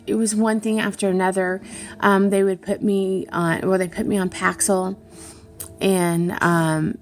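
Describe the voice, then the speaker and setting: A middle-aged woman talking through a personal confessional vlog, earnest and halting, with frequent pauses and restarts. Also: mid-range voice. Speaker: vlogger.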